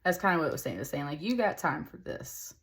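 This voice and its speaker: A woman with a slightly low voice gives a casual tarot reading to camera. She talks in a chatty, upbeat way. She addresses her viewers directly and warmly with little endearments. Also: animated, fast talker. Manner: chatty and upbeat, with many fillers and laughs. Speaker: tarot reader.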